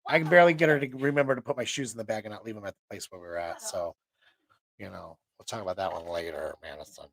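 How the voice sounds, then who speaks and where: A man's voice: fairly low pitch, quick pace, gravelly, fairly bright tone. A tired man hosting a show, chatting casually in a rambling way with many restarts. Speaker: host.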